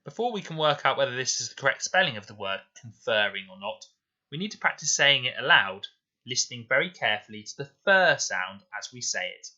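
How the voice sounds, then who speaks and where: A man teaching a recorded spelling lesson to children, explaining slowly and clearly and repeating words with care. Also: medium pitch, very animated, bright, forceful tone, lo-fi sound. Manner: slow, clear, deliberate explanations. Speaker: primary school teacher. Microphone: voice-over to slides.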